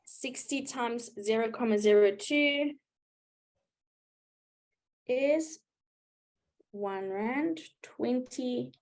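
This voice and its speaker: A woman's voice: on the high side, drawn-out words, long pauses, darkish tone. A woman teaching a live online maths class, explaining patiently step by step and checking in with her students. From South Africa.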